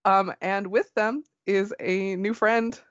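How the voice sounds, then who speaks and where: Relaxed woman with a dry muffled sound. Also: mid-range voice, slow pace, no room sound. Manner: relaxed storytelling with fillers and gentle laughs. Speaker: podcast cohost. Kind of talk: casual chat recapping a manga chapter.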